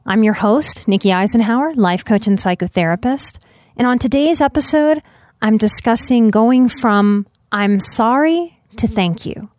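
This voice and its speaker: A woman hosting her own podcast as a life coach and psychotherapist, talking through an idea in a measured way and slowing down to stress key phrases. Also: fairly high pitch, animated, darkish tone. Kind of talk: solo podcast talk.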